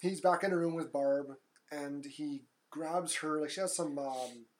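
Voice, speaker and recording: A woman's voice: sits low, unhurried, a little mellow. A woman casually recapping a movie on a podcast, blunt and swearing freely as she mocks the characters. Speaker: podcast co-host.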